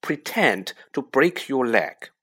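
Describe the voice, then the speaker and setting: A man voicing a clever, bossy teenage girl witch who speaks in a brisk, insistent way. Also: mid-range voice, very animated, fairly bright tone, slightly rough, full character voice.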